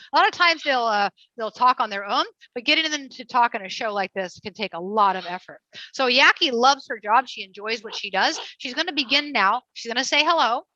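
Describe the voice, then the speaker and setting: A woman's voice: on the high side, pushed and bright, dry recording, highs cut off. A woman presenting a live family show with trained parrots, coaxing and cheering the birds along.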